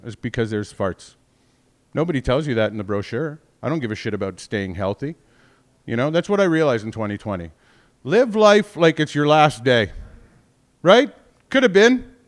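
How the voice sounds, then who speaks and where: Smooth-voiced rambling comic man. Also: medium pitch. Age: 40s. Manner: rambling, profane, self-mocking. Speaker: stand-up comedian. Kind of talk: stand-up comedy set.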